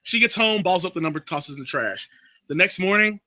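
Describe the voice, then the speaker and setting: Guy with a high bright voice telling a movie plot, dry close sound. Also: brisk, dry recording, lo-fi sound. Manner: animated storyteller, drops into a creepy low voice for quotes. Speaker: podcast host recapping a movie. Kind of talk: casual movie recap chat.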